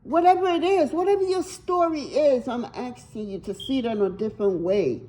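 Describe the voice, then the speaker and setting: Tarot reader, female, slightly high voice; blunt, emphatic talker who swears and stumbles over repeated words. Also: moderate pace, dark tone, a little hiss or hum, low-quality recording. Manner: repeats words while searching for them. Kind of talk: casual tarot reading to viewers.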